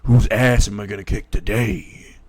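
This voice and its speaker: A man voicing a creepy male criminal with a deep, low voice. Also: steady tone, moderate pace, darkish tone, lightly acted. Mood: menacing. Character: creepy male criminal who kicks people.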